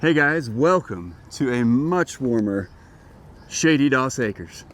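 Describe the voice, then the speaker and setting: A man's voice: mid-range voice, animated, slow pace, fairly bright tone. A man hosting a casual farm vlog outdoors, talking affectionately and teasingly to his animals. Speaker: host.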